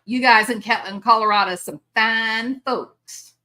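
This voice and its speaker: A woman's voice: a little high, a little slow, sharp tone. A chatty, bubbly older woman, hosting a casual live stream and laughing often. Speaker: livestream host.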